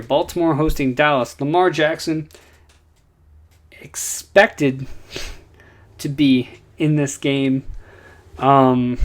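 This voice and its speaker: Young guy rattling off fantasy picks, casual, ums everywhere, regular pitch. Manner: rapid list of player picks with many fillers. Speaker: fantasy football analyst. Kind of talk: casual commentary.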